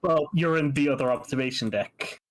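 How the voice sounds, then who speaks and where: A man's voice: mid-range voice, brisk, rough recording. A man running a tabletop game, telling players where they are and what to roll. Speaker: game master.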